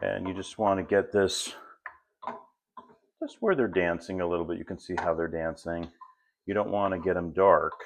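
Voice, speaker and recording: A middle-aged man hosting a home cooking demonstration, walking through each step in a relaxed, chatty way. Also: deep voice, gravelly. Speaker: home cook host.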